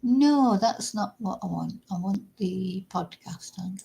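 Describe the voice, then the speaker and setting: A woman's voice: medium pitch, a little slow, creaky, warm tone. A woman commenting casually on a true crime story during a live stream, rambling with many fillers.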